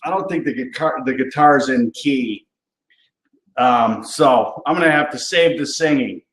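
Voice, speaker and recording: A man's voice: medium pitch, unhurried, a bit bright. A man hosting a cooking show in a rambling, upbeat chat full of fillers and asides. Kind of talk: casual on-camera chat. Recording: roomy echo.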